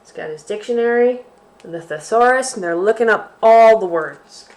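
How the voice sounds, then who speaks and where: At a library storytime, a woman reads a picture book aloud to children in an expressive, sing-song style. Her voice is a little high and her pace moderate.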